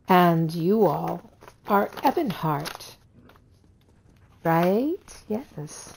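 A woman streaming a video game, giving casual, unhurried commentary and thinking aloud. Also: fairly low pitch, vocal fry, a little mellow, slight background noise.

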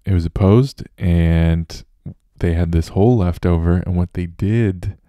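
A man's voice: deep voice, steady tone, measured pace, mellow, no echo. A man hosting a show alone, talking casually and loosely with fillers and restarts. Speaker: host. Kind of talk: casual solo podcast monologue.

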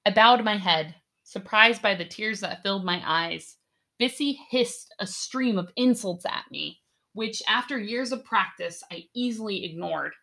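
A woman narrating a story in the first person as an audiobook, with slow, careful storytelling. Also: medium pitch, creaky, sharp tone.

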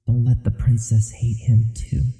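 A man voicing a worried young man who prays quietly and slowly, pleading. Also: medium pitch, little pitch movement, creaky, reverberant, in a large hall, soft background music. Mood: pleading prayer.

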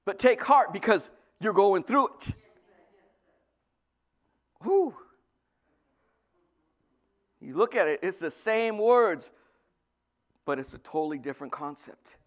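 High-voiced male pastor preaching. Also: moderate pace. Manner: lively, swings from loud bursts to soft asides. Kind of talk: sermon.

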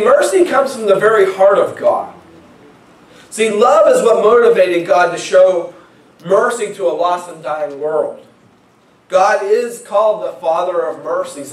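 Pastor, male, high-pitched, preaching to a congregation, heard from a distance in a roomy church. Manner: conversational, repeats words when starting phrases. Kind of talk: sermon. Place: church sanctuary. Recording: echoey church from far off.

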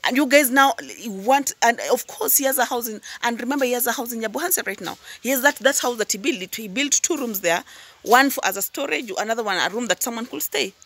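A woman's voice: fairly high pitch, a little fast, no room sound. A woman giving impassioned commentary as a YouTube reactor, firing rhetorical questions and prodding with "hmm?" and "huh?". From Tanzania. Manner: repeats words when worked up, then drops into calmer asides.

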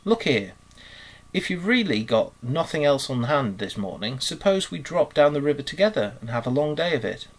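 A man, voicing a genial, dreamy male water rat in a storybook reading, solemn and relaxed. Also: mid-range voice, moderate pace.

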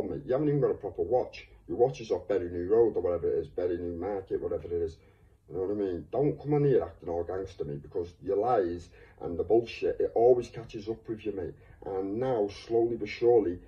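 A man in an angry, swearing rant to camera as a YouTuber. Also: fairly low pitch. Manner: heated, insulting, swearing. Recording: distant, dull lo-fi recording.

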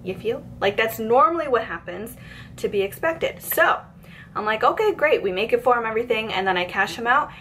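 A woman's voice: a little high, a little fast, a bit bright, slight background noise. A woman in her twenties telling a work story, chatty and exasperated, with lots of fillers. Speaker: vlogger. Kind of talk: storytime rant.

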